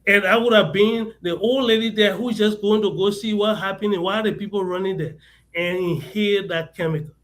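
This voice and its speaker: A man's voice: high-pitched, fairly even intonation, brisk, a bit bright, low-quality recording. A man with a Liberian accent speaking as a guest on a talk show, passionate and emphatic, often repeating words as he searches for them. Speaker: guest advocate. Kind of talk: impassioned talk-show interview.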